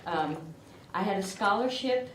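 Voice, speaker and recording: A woman's voice: medium pitch, expressive, measured pace. An older woman from southern Illinois, with a rural southern Illinois accent, giving a chatty, self-deprecating acceptance speech at a podium mic. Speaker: award recipient. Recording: echoey room from far off, background noise.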